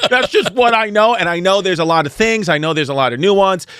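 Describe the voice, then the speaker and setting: A man's voice: sits high, very animated, normal speed, fairly bright tone, clean tone. A man with an American accent co-hosting a comedy podcast, talking in loose, crude, jokey banter. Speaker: podcast co-host. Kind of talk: casual comedic chat.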